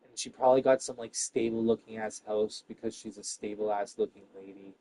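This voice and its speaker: A man ranting to his viewers in a rambling, profane monologue, swinging between loud bursts and hushed asides. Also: lowish voice, fairly even intonation, a little fast.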